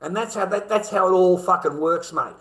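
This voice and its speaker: A man's voice: sits high, a little fast, a bit bright. A middle-aged man with an Australian accent, ranting in a sarcastic, mocking monologue full of swearing.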